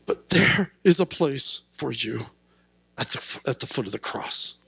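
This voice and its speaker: A male pastor preaching a sermon in church, speaking earnestly and building to impassioned shouts at his peaks. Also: medium pitch, animated, a little slow, creaky, breathy edge, no echo. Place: church sanctuary.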